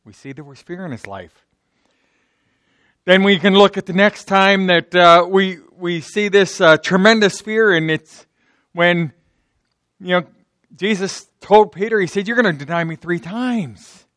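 A man's voice: high voice, measured pace, long pauses, a bit bright, no room sound, studio quality. A man with a slight sore throat, preaching an unscripted sermon in church, often repeating words and restarting sentences. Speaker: pastor. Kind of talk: off-the-cuff sermon.

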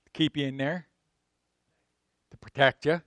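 A middle-aged male pastor preaching in a chatty, conversational way. His voice sits a little high for a man and is recorded dry and close. He jumps between loud, emphatic bursts and quiet asides, tossing rhetorical questions at the congregation. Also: fairly even intonation, a little slow, no echo. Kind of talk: sermon.

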